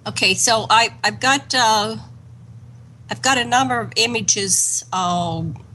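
A woman's voice: on the high side, slow, bright, forceful tone, low-quality recording. A woman hosting a radio talk show, searching aloud as she talks, hesitant and full of fillers. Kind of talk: casual radio chat.

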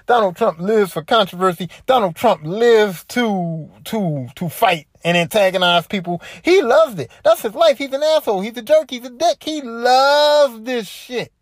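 A woman's voice: a little high, no echo. A woman hosting a solo podcast, ranting in a casual, profane, repetitive way. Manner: profane, repetitive, worked-up commentary. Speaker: podcast host.

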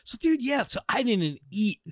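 A man's voice: very high voice, moderate pace, no room sound, clean studio sound. A man in his forties co-hosting a podcast, telling crude stories in casual chat with lots of laughter. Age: 40s. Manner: animated, laughing storyteller, crude humor. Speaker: podcast co-host.

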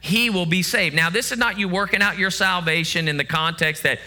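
A man's voice: sits high, a little fast, pushed and bright. A man preaching a sermon, emphatic and fond of repeating phrases, sometimes acting out voices. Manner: acts out voices of God and of begging believers.

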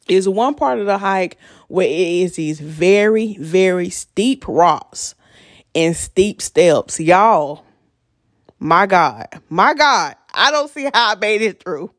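A woman's voice: medium pitch, slow pace, no echo, studio quality. Chatty woman telling a story. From North Carolina. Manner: chatty, animated, addresses listeners as y'all. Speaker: podcast host. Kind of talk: casual storytelling monologue.

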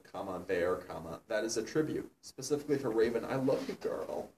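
Male comedy co-host doing a sarcastic dramatic reading, animated, slightly distant mic. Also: a little fast, few pauses, a little hiss or hum. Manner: mocking, laughing, breaks into loud squeaky character voices. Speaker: podcast co-host reading a fan fiction aloud.

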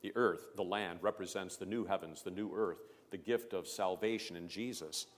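A male pastor delivering a sermon in a measured, emphatic way, pressing hard on key words. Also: low voice. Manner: emphatic, measured preaching with rising stresses. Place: church. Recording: long church reverb.

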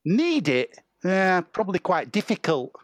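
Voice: medium pitch, sing-song, measured pace, no echo. A performer improvising a meek, gullible new trainee baker who hesitates a lot. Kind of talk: improv comedy scene.

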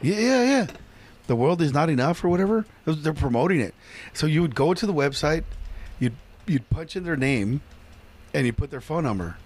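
A man in his thirties co-hosts a podcast, swapping stories in loose chat. He swears freely and laughs through his tales. His voice sits a little high and swings widely in pitch. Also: brisk. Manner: animated, swearing, laughing storyteller. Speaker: podcast co-host. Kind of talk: casual chat.

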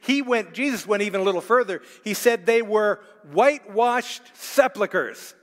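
Male pastor, high-pitched, conversational sermon, many fillers, big echoing church. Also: moderate pace. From Canada. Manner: conversational preaching with asides and jokes to the congregation; frequent filler sounds and restarts. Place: church hall.

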